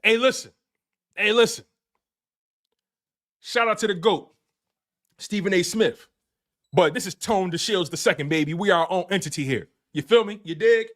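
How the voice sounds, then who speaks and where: A man hosting a sports show in a live post-game rant, excited and laughing, repeating phrases and using slang, with a Philadelphia accent. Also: high voice, moderate pace, long pauses.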